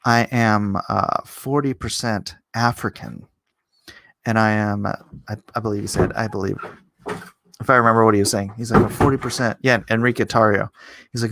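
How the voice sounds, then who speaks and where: A middle-aged man hosting a livestream, talking in a rambling, sarcastic opinion monologue that jumps up in pitch when he gets indignant. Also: steady tone, moderate pace, vocal fry, fairly bright tone, no room sound. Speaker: livestream host.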